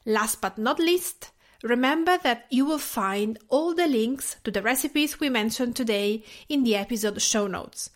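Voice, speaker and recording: Soft-spoken Italian woman hosting a podcast. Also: fairly high pitch, a little slow. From Tuscany, Italy. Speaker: podcast host. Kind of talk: scripted podcast narration.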